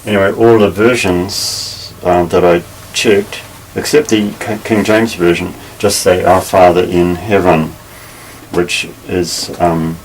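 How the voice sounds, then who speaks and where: A man teaching a Bible lesson, measured and careful, pausing often with fillers as he explains. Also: deep voice, steady tone. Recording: slightly distant mic with faint ambient noise.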